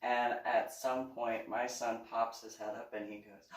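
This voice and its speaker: Host brief: middle-aged woman, unhurried animated storyteller, mic set well back from her. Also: very deep voice. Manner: chatty, animated, amused. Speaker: YouTube channel host. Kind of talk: casual personal storytelling. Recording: echoey room, distant mic.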